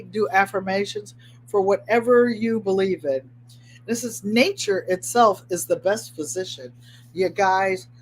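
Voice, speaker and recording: A woman chats through a home craft livestream, speaking straight to her viewers with encouraging, motivational asides. She tends to repeat a phrase twice for emphasis. Her voice sits at an ordinary middle pitch, with a faint hum behind her. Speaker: host of a craft channel. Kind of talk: casual livestream chat. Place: at home, indoors.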